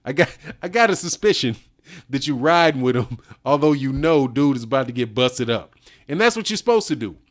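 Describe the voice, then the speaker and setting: A man's voice: medium pitch, animated, fairly quick. A man hosting a boxing livestream, chatting casually with his viewers in slang, laughing often and calling people "dog" and "man". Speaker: boxing channel host. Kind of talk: casual livestream chat reading super chats.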